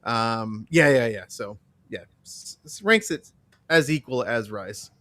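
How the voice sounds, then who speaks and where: Brief: male panelist, mid pitch, halting and hesitant, dry close sound. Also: lively intonation, a bit bright, dry recording. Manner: halting, many fillers and restarts. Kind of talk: casual live film review chat.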